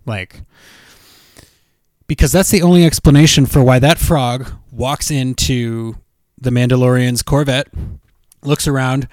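A man's voice: medium pitch, steady tone, measured pace, darkish tone, no echo. A man chatting casually as a podcast co-host, joking and putting on voices for characters. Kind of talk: casual chat.

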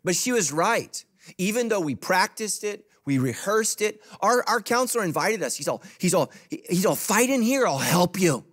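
A man preaching a sermon as pastor to a congregation in a church. He talks emphatically, swinging between loud, punchy lines and soft, low asides. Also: lively intonation, normal speed.

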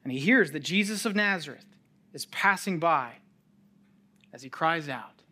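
A man preaching a sermon, telling a scripture story with sudden drops to a near-whisper and rises to loud calls, with chuckling asides. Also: fairly high pitch, expressive, moderate pace, pauses often. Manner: chuckles while making light asides.

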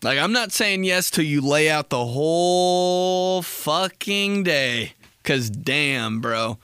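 A man's voice: on the high side, slow, smooth, no echo, clean studio sound. Profane rambling man on a podcast. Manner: profane, rambling, animated storytelling. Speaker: podcast host. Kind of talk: casual comedic monologue.

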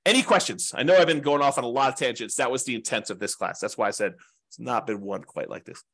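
A man's voice: mid-range voice, fast talker, fairly bright tone, breathy edge. A man teaching an informal class on real estate investing, talking in a rambling, conversational way with frequent asides.

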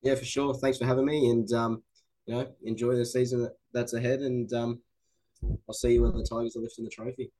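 A man's voice: medium pitch, flat delivery, a little fast, warm tone, rough recording. A man, a guest co-host in a casual sports chat who talks in a laid-back, easygoing way. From Australia.

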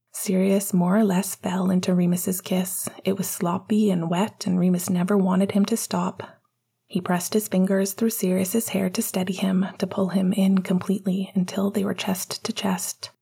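A woman narrates a romance story in a hushed, intimate whisper. Her voice is low, gravelly and very breathy. The reading stays flat and even throughout. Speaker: audiobook narrator.

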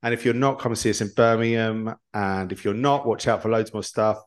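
A man's voice: lowish voice, fairly even intonation, fairly quick. A man co-hosting a podcast, talking in a casual, upbeat, jokey way. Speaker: podcast co-host. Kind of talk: casual chat.

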